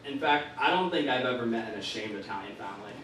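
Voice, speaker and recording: A young man performing a stand-up comedy set in a club, delivering punchy one-liners with a deadpan turn. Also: medium pitch, fast talker, noisy background. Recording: echoey club recorded from far off. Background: audience laughing.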